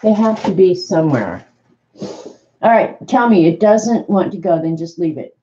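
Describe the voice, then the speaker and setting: A woman's voice: fairly low pitch, animated, a little slow, dark tone, slightly rough, dull audio. A woman demonstrating a die-cutting and embossing machine to viewers, chatty and flustered as she thinks aloud. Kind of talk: casual craft demonstration to viewers.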